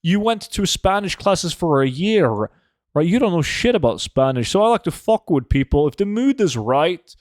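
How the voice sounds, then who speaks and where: A man's voice: sits high, very animated, moderate pace, darkish tone, no room sound. Laid-back joking male streamer, dry sound. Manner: swears a lot, joking and laid-back, reacts to chat. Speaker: live streamer. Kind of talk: casual live-stream chat. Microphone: desk microphone.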